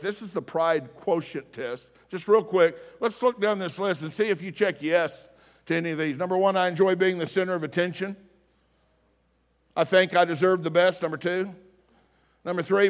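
A man preaching a sermon as pastor, telling stories in a casual, self-deprecating way. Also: high-pitched. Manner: conversational, storytelling, self-deprecating. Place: church sanctuary. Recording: long reverb of a hall.

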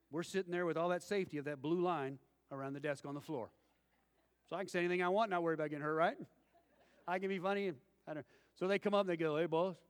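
Folksy preacher in a reverberant hall. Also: male voice, on the high side. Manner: folksy storytelling with acted-out quotes. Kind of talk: sermon.

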